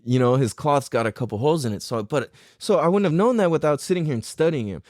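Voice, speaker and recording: A young man talks straight into a close mic, loose and unfiltered, swearing and laughing as he acts out what he was thinking. His pitch swings widely from phrase to phrase, and the dry recording keeps him right up front. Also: fast, dry recording. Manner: animated, profane, laughing often, acts out his own thoughts. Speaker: podcast host. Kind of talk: casual storytelling monologue.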